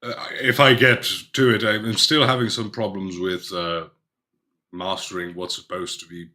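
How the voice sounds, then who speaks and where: Very deep-voiced man, bright and hesitant. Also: flat delivery, normal speed. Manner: hesitant, many restarts, explains at length. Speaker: podcast co-host. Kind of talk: casual chat.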